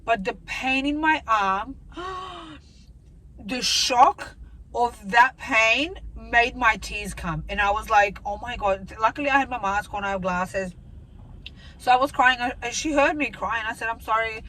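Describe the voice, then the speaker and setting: A woman's voice: a little high, unhurried, pushed and bright, slight background noise, low-quality recording. Chatty woman vlogger, emotional rambling. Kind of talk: casual talking-to-camera update.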